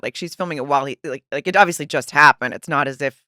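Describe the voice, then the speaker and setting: Earnest woman with a low bright voice. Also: quick pace, no echo, studio quality. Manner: earnest, hesitant, trailing off. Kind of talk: casual chat.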